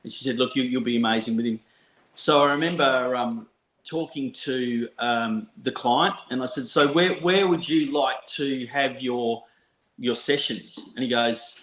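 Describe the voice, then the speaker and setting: A man with an Australian accent telling a story from his counselling work in a relaxed chat, laughing often and restarting sentences. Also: mid-range voice, measured pace. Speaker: counsellor, podcast guest. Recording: roomy echo.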